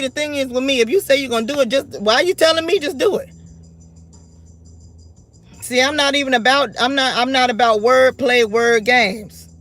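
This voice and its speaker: A woman's voice: a little high, fairly bright tone. A woman in her late forties vents in a blunt, defiant vlog rant with emphatic repetition. Faint music plays underneath her voice throughout. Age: 40s. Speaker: vlogger. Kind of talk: unscripted rant to camera.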